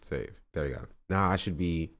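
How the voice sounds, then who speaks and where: A man with a low voice chats casually through a live stream, rambling between topics and thanking his subscribers. His delivery is loose and conversational, addressed straight to his viewers. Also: expressive, moderate pace.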